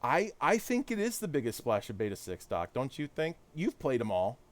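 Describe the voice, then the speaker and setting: This man streams a video game and chats casually with his viewers, often making fun of himself. His medium-pitched voice swings hugely in pitch at a normal speed.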